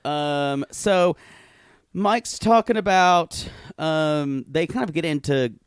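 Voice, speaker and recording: A man's voice: fairly high pitch, takes it slowly, clean tone, no room sound, clean studio sound. A man co-hosting a podcast, chatting casually in a playful, camp way and laughing easily. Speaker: podcast co-host. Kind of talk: casual comedic recap chat.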